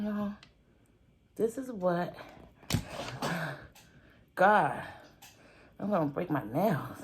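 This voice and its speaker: A woman food vlogger talks casually and directly to her viewers while cooking in her home kitchen, slipping into muttered asides as she works. Her medium-pitched voice moves extremely slowly with frequent pauses, and a little hiss or hum is audible.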